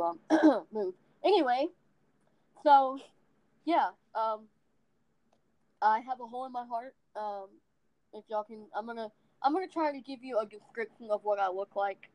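A woman's voice: fairly high pitch, lively intonation, normal speed, long pauses, a little mellow, dry recording, rough recording. A woman from the American South with a Southern accent, chatting casually as a podcast co-host and rambling with frequent asides. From Southern United States. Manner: rambling, self-deprecating, many ums and anyways. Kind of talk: casual chat.

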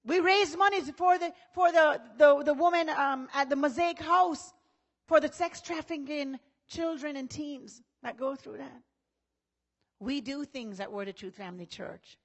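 A woman pastor preaching a sermon in a conversational style, acting out what people say and building up to shouts. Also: sits high, measured pace.

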